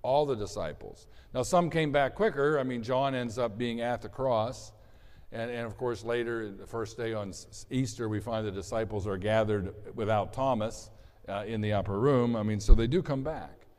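Man, pastor, conversational sermon, restarts, mid pitch, long hall reverb. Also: normal speed, a little mellow. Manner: conversational preaching with many restarts and scripture readings.

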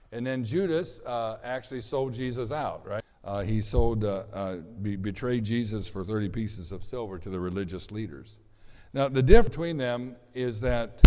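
A man's voice: medium pitch, a little mellow, long reverb tail. A man preaching a sermon in a conversational way, stopping and restarting often as he reads and explains scripture. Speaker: pastor.

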